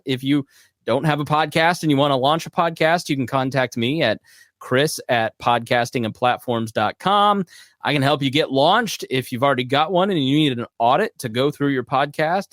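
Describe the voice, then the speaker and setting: A middle-aged man hosting a live podcast Q&A, talking in a relaxed, casual way with loose fillers. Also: a little high, dry recording, studio quality. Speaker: podcast host.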